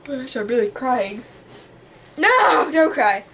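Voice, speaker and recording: A woman's voice: high voice, very animated, slow, a bit bright, a little hiss or hum. A woman vlogging in a casual, rambling monologue that is full of fillers and has a bubbly, dramatic manner. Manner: rambling, heavy on the filler word "like".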